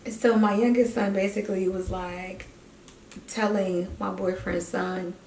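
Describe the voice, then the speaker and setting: A woman's voice: medium pitch, fairly even intonation, measured pace, gravelly, darkish tone. A woman, rambling casually as a vlogger with lots of fillers. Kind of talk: casual vlog chat. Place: empty house during a move. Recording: roomy and distant, faint noise.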